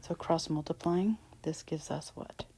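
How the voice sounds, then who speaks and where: Soft-spoken low-voiced woman teaching math. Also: measured pace, slightly rough, poor audio. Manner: soft, half-whispered explaining while writing. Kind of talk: recorded math lecture.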